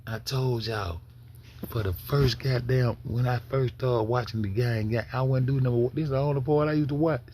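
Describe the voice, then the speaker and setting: A man with a gravelly, creaky voice talks loosely over a video for his chat, swearing freely and restarting his sentences. His pitch sits in a middling range, and faint noise hangs behind him. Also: a little mellow. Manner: loose, profane, rambling with many restarts. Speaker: streamer reacting to a video. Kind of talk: casual livestream commentary.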